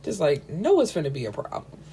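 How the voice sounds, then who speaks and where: A woman's voice: deep voice, wildly swooping pitch, fairly quick, warm tone, breathy edge. A young woman hosting a book review, chatting casually with slangy, giggly asides.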